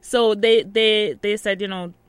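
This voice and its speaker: A woman's voice: medium pitch, fairly even intonation, a little slow, smooth, no room sound. Chatty Jamaican woman, laughing often. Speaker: interviewee. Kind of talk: casual interview.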